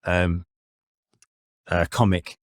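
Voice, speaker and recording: A man co-hosting a casual podcast chat, halting and often repeating his words. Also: low-pitched, little pitch movement, dry recording, studio quality. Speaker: podcast co-host.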